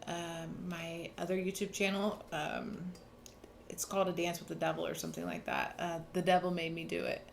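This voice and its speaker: There's vocal fry in this young woman's somewhat low, slightly bright voice, and a bit of background noise. She's a tarot reader doing a casual, earnest reading, speaking emphatically and restarting a lot.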